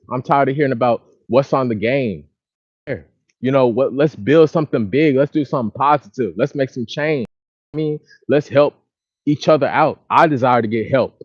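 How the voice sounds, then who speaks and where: A vlogger from Dallas, Texas, vents in a casual, repetitive, frustrated monologue outdoors by a lake or river. His medium-pitched, darkish voice sounds muffled, with no room sound.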